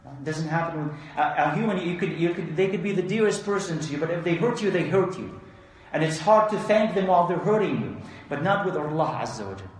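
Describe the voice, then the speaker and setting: A man giving an Islamic lesson, reading Arabic texts quickly and explaining them in English with frequent rhetorical questions. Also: a little high, lively intonation. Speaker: Islamic teacher. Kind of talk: religious lesson explaining hadith. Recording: very echoey room.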